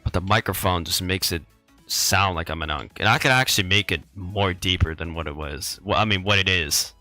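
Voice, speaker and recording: Low-voiced teenage boy streaming on a headset. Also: a little fast, pushed and bright, faint music behind, low-quality recording. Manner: rambling, repeats himself, chuckles. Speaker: gaming streamer. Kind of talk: casual live-stream chat with viewers. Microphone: gaming headset microphone.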